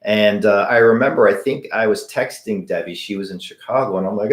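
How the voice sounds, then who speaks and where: A middle-aged man hosts a live question-and-answer stream and answers in a chatty, story-driven way. His voice sits a bit low, and he acts out the voices he quotes. The room around him is echoey. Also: fairly quick. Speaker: host of a paranormal channel answering viewer questions.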